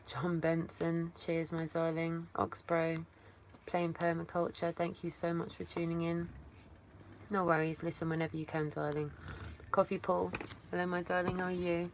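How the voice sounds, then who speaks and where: This Englishwoman speaks unhurriedly in a voice on the low side, her delivery completely flat and tired from a long day of talking. She's hosting a casual livestream from a distant phone, rambling with affection and calling viewers darling, over slight background noise.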